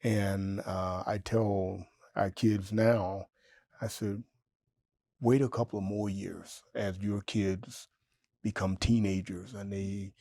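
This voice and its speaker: A man in his sixties, an interview guest telling a story in a lively way, jumping up in pitch when he quotes himself. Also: takes it slowly, dry recording. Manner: animated storyteller, jumps high in pitch when quoting himself.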